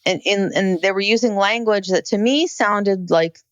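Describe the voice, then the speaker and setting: A woman's voice: mid-range voice, normal speed, clear, resonant tone, no room sound, muffled recording. A woman co-hosting a podcast, talking over a true crime documentary in a casual, reflective way. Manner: animated, reflective, with many restarts. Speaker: podcast co-host. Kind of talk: casual chat about a documentary.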